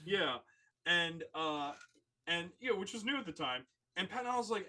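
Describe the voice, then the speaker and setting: Animated, bright-voiced storyteller. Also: medium pitch, moderate pace, slight background noise, rough recording. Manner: animated storyteller with lots of "like" fillers. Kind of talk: casual podcast chat.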